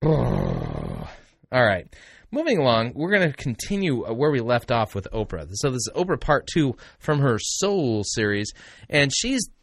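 A man's voice: medium pitch, wildly swooping pitch, measured pace, vocal fry, no room sound, studio quality. A man hosting a commentary show, talking to listeners in a sarcastic, mocking way with lots of asides. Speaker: podcast host. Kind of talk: critical commentary.

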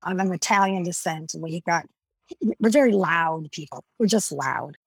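A chatty woman tells a story on a podcast in an emphatic way. Her voice is husky and a little low, and the recording is dry and close. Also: normal speed, no room sound. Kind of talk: casual podcast conversation.

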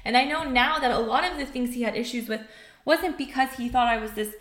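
A woman's voice: fairly high pitch, a little fast. Candid, swearing young woman in an echoey room. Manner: candid, animated, swears freely, many fillers. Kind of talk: casual storytelling chat.

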